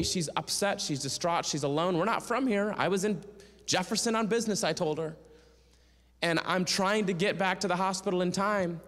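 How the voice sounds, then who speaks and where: Man telling an animated story in an echoing church. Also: on the high side. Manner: animated storyteller who acts out quoted voices. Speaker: guest speaker and singer. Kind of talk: storytelling sermon. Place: church sanctuary. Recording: long church reverb.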